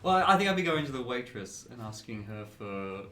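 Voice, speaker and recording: A man's voice: mid-range voice, very animated, brisk, a bit bright, slight background noise. A man playing a tabletop game, speaking politely and a little hesitantly in character. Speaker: player. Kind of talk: casual in-character play. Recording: roomy echo.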